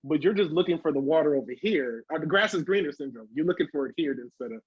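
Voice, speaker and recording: A man who is a hip hop artist, talking as a podcast guest in a loose, animated way, swearing freely and acting out quoted voices. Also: a little high, fast talker, muffled recording, a little hiss or hum. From Southern California. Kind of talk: casual podcast interview.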